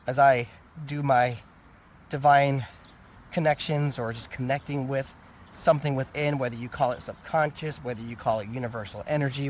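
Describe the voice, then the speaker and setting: Man, tired, getting over a cold, candid vlog storytelling, mid-pitched voice, faint traffic behind. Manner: candid, reflective, laughs at himself. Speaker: vlogger. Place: outdoors near a convention area. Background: faint traffic noise.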